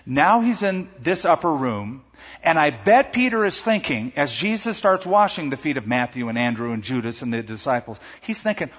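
A man preaching a sermon with a lively, swooping delivery and a slightly high pitch. His voice is a bit husky, and he brings quoted lines to life with their own voices. The sound is dull and lo-fi, with a long echo from a large hall. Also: moderate pace. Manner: animated, acts out quoted voices. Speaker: pastor.

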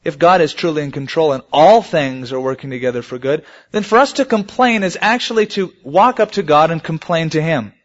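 Guy preaching a sermon, kinda high voice, dull lo-fi tape sound. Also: a little fast, few pauses. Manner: storytelling, rising emphatically on key points. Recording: muffled lo-fi sermon recording.

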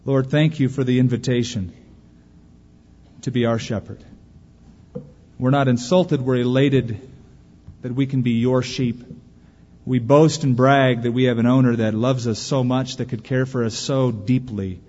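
A man preaching a sermon as a pastor, husky-voiced, animated, acting out quotes and pausing for effect. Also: medium pitch. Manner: animated preaching with acted-out quotes and dramatic pauses. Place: large church auditorium. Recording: muffled recording in a large reverberant hall.

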